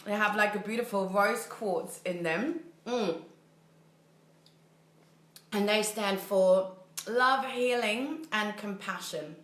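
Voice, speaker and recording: Woman, mindset coach, casual livestream chatter, bright tone, roomy echo. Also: mid-range voice, slow, long pauses. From Germany. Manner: chatty, upbeat, thinks aloud and laughs often. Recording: echoey room.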